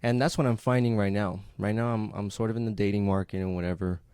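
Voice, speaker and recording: A man's voice: on the low side, steady tone, fast talker, darkish tone, clear, resonant tone, dry recording. Laid-back young man, dry podcast sound. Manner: laid-back, laughs often. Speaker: podcast co-host. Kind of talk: casual podcast chat.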